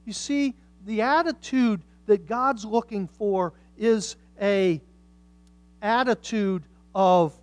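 A woman preaching a sermon with passion, swinging from hushed lines to loud, emphatic ones. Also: mid-range voice, slow, no room sound.

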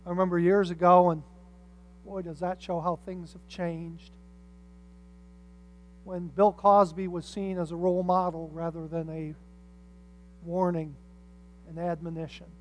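A pastor preaching a sermon, telling stories with humorous asides and swinging from quiet reflection to loud emphasis. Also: mid-range voice, a little slow, pauses often. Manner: animated storytelling with humorous asides.

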